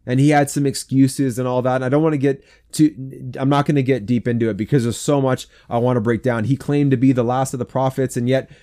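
A man giving an earnest devotional talk to men, then praying aloud in a soft, repetitive, interceding way. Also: medium pitch, fairly even intonation, fairly quick, few pauses. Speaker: men's ministry speaker.

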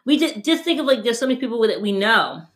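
A woman's voice: fairly high pitch, sing-song, quick pace, fairly bright tone. A woman in her thirties co-hosting a casual podcast, enthusiastic and full of fillers. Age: 30s. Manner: enthusiastic, filler-heavy, says like a lot. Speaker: podcast co-host. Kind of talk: casual chat.

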